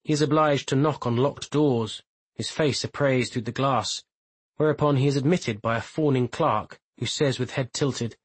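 A man reading a literary novel aloud as its narrator, measured and even. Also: mid-range voice, breathy edge, dry recording, poor audio. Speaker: audiobook narrator. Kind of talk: scripted narration.

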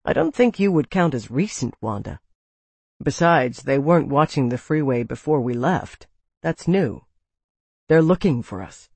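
Audiobook character read: woman voicing a low, husky man, tense and hushed, dry close sound. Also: big pitch swings, measured pace, no room sound, heavily acted. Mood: serious. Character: quiet, tense adult man, hushed and steady.

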